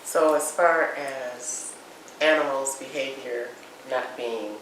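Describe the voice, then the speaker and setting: A woman host asking a guest questions, halting and searching for her words. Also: rumbling low, fairly even intonation, a little hiss or hum. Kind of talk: interview questions. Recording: echoey room, mic far off.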